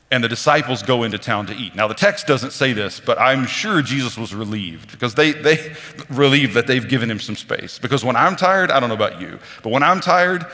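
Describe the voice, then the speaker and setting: A man delivers a sermon in a chatty, animated manner, his pitch rising and falling widely. His tone is bright and forceful. The sound carries a long reverb, as in a large church hall. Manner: animated, conversational, acts out quoted voices. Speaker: preacher.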